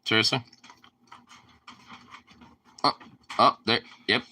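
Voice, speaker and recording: A man's voice: mid-range voice, fairly even intonation, slow pace, sharp tone, husky. A young man casually filming his dog and teasing it in playful baby talk.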